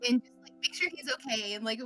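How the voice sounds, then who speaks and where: A woman's voice: fairly high pitch, quick pace, bright, forceful tone, soft background music. A woman playing in a tabletop game, chatty and giggly, trailing off mid-sentence. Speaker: player. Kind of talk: casual tabletop play.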